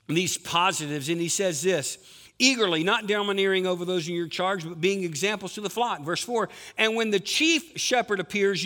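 A man's voice: high-pitched, bright, forceful tone. A middle-aged man preaching a sermon as lead pastor, conversational and full of rhetorical questions to the congregation.

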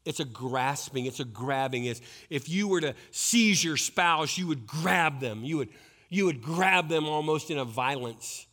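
A man preaching a sermon, swinging between hushed, intense passages and loud, rising exhortation. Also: fairly high pitch, animated, moderate pace. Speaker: pastor.

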